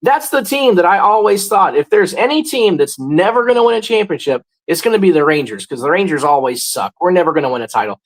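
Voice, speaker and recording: A man in his forties hosting a casual livestream, greeting viewers and chatting about sports, often jumping into loud, high bursts. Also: animated, fast, few pauses, rough recording. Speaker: livestream host.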